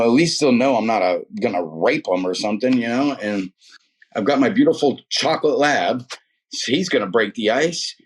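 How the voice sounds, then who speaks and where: A man's voice: medium pitch, slightly rough. A man sharing his faith testimony in a casual, emphatic storytelling way, slangy and fond of repeating himself. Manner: slangy and emphatic, repeats words, calls listener "man" and "dude".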